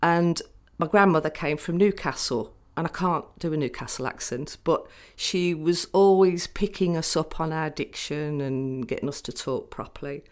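An older woman with a Birmingham accent speaks in a notably low voice. She reads a set passage at a measured, careful pace, then chats freely about her upbringing in the same deep tone. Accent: Birmingham English. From Birmingham, England. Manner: measured, careful reading; chatty when recalling.

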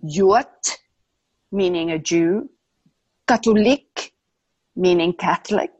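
A woman, slowly explaining and carefully pronouncing words and names. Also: mid-range voice, dry recording. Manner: slow, deliberate, pronouncing each word carefully. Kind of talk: glossary of South African words and pronunciations.

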